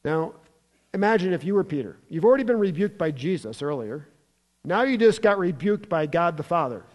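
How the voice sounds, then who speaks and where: A man preaching with a high voice and lively, emphatic storytelling. He reads scripture and jokes lightly between the passages, while a long hall reverb lingers around his words. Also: a little fast. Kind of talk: sermon.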